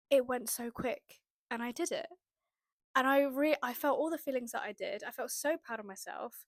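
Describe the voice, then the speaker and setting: A young woman from the UK telling a personal story in a chatty, animated way, acting out her own thoughts as she goes. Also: a little high, a little slow, no room sound, clean studio sound. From United Kingdom. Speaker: manifestation vlogger. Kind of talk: casual storytelling to camera.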